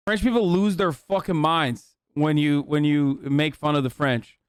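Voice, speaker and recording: A man's voice: on the high side, steady tone, measured pace, clear, resonant tone, dry recording. A man on a livestream talking in loose, profane, rambling casual chat into a close mic.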